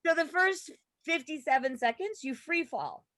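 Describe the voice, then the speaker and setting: A woman guest on a podcast, telling a story in a casual, animated way and laughing often. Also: high-pitched, moderate pace, no room sound.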